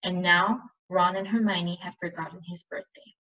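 A woman's voice: lowish voice, steady tone, moderate pace, distant mic, dull audio. A woman teacher reading a novel aloud, then explaining it to her class in a casual, chatty way.

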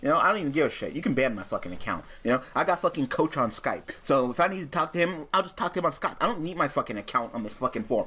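A man's voice: fairly high pitch, sing-song, rapid-fire, hardly any pauses, sharp tone, slightly rough. A young man casually commenting on his own card game duel, profane and rambling, breaking into angry rants and restarting his sentences. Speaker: gaming YouTuber.

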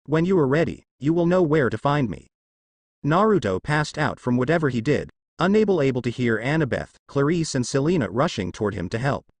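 Lively male storyteller, dry close sound. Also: mid-range voice, no echo. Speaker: narrator. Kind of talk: reading fan fiction aloud.

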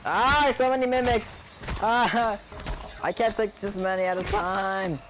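A man's voice: high-pitched, steady tone, a little slow. Joking gamer guy, trash talk, noisy game audio behind. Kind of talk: casual gameplay chat.

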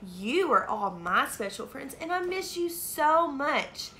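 A woman preschool teacher reading a picture book aloud to young children in an animated, sing-song way, in an echoey room. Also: sits high, slow. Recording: echoey room, faint noise.

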